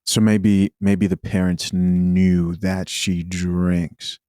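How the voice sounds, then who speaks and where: Deep-voiced male reaction host. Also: level tone, very slow, dark tone, clear, resonant tone, no room sound, clean studio sound. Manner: thinks aloud, hesitant and wry. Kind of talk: reaction commentary.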